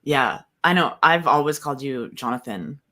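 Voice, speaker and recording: A woman in her forties co-hosting a casual spiritual talk show, playful and quick to laugh. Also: rumbling low, expressive, bright, forceful tone. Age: 40s. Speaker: co-host, spiritual leader. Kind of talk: casual chat.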